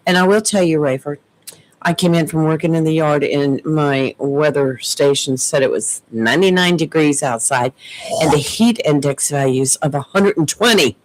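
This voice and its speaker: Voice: mid-range voice, moderate pace, poor audio. A radio co-host reading the weather and local news and chatting with the host. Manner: chatty, amused storyteller.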